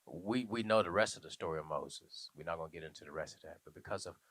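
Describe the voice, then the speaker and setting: A man's voice: sits low, fast, fairly bright tone, dry recording. A man preaching a sermon in church in a conversational way, often checking in with his listeners. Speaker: minister.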